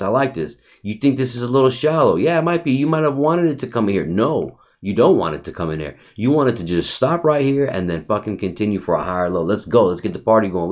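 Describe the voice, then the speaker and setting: Excitable profane man reviewing trades. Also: fairly low pitch. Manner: profane, excitable, talks to viewer as buddy; repeats himself and restarts often. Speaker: trading educator reviewing his chart. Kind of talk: casual screen-share chart review.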